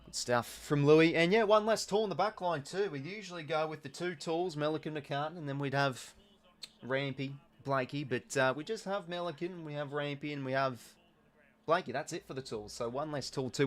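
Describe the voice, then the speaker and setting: A young Australian streamer with a slightly high voice talks a little fast while hosting a relaxed live watch-along. Chatty and filler-prone, he comments on the game and reads out comments from viewers.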